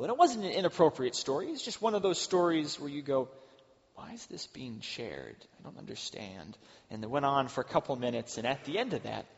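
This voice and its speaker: A middle-aged man giving a sermon as a pastor, earnest, rising to loud emphasis and dropping to hushed asides. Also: mid-range voice, creaky. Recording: dull sound with long hall reverb.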